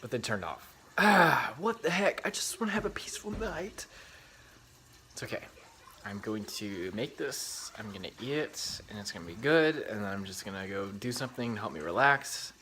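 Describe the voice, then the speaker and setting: A man's voice: lowish voice, moderate pace, slight background noise, poor audio. A young man chatting casually while he cooks in his home kitchen, rambling, swearing often and filling his talk with "like". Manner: excitable, rambling, swears often, many "like" fillers. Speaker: vlogger. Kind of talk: casual cooking vlog chat. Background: frying sizzle.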